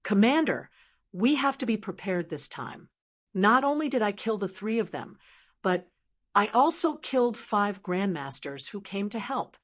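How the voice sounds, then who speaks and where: A woman voicing a calm, confident young man, a martial hero in an audiobook, speaking with smiling assurance. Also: mid-range voice.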